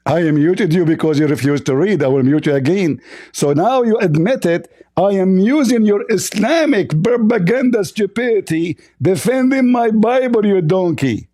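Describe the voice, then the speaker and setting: A hoarse man hosting a live online debate. He shouts and hammers the same insults again and again, his voice pitched fairly high. The sound is close and dry. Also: lively intonation, normal speed, no echo. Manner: shouting, insulting, repeats himself. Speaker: debate show host.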